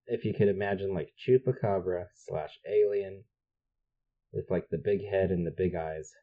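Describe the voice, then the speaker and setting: A male co-host riffs casually on a film's plot, adding jokes and quick agreements. His voice is low. The recording sounds muffled and lo-fi. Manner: relaxed, joking, chimes in with agreement. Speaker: podcast co-host. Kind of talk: casual movie recap chat.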